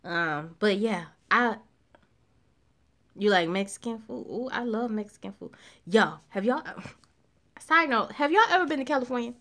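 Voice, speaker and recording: Slow, slangy, laughing woman chatting with viewers. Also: fairly high pitch, lively intonation. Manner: loud, slangy, laughs often, talks to chat. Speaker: livestream host chatting with viewers. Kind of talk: casual chat reading live comments.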